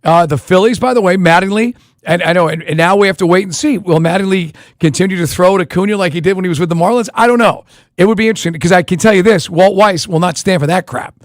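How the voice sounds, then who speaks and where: A man hosting sports talk radio, racing through his points in a high, quick voice. He rambles and jumps between ideas with animated energy, recorded dry and close on a studio mic. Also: no room sound.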